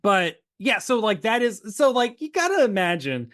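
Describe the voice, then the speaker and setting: A man co-hosting a podcast, recapping a TV episode in casual chat, animated and laughing as he acts out the characters' lines. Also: high-pitched, normal speed. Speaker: podcast co-host.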